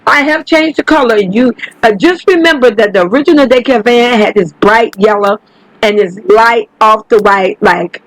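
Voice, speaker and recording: A woman's voice: on the high side, normal speed, dry recording, rough recording. A woman hosting her own channel, talking through her life-simulation game in a chatty way. She swears freely and keeps turning to her viewers. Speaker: gaming channel host. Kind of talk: casual gameplay commentary.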